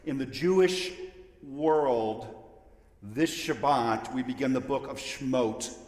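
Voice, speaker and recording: A man's voice: medium pitch, slow pace, a little mellow. Man leading a service: joking, chatty welcome, recorded in a reverberant hall. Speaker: service leader. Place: large sanctuary. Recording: echoey hall with long reverb.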